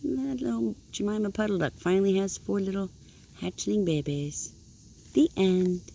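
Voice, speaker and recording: Older woman, grandmother, reading picture book aloud, gentle, explains pictures, mellow voice, at home. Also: mid-range voice, animated, moderate pace, vocal fry, a little hiss or hum.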